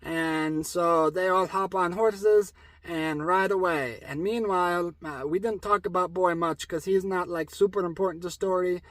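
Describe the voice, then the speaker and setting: A high-voiced man tells a story in a rambling comic persona with broken English. His delivery is playful and loose. The sound is dry and close. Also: steady tone, a little slow, fairly bright tone, dry recording.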